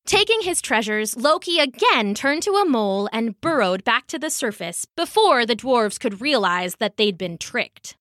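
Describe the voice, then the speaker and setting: A woman tells an old myth as a storybook reading, taking her time over every phrase. Her voice is bright and swoops through a wide range. The sound is close and dry. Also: a little high, dry recording. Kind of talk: scripted narration.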